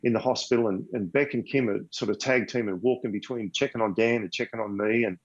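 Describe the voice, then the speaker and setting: This older Australian podcast guest talks fast in a lowish, steady voice as he tells a long, rambling story. He repeats words and at times turns emotional, and the casual storytelling comes through dull, lo-fi audio.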